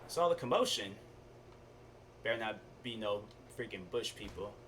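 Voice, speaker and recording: A young man streaming a game, chatting casually with viewers and telling stories in relaxed slang. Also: on the low side, moderate pace, noisy background. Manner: laid-back, chatty, storytelling with slang. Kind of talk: casual gaming stream chat.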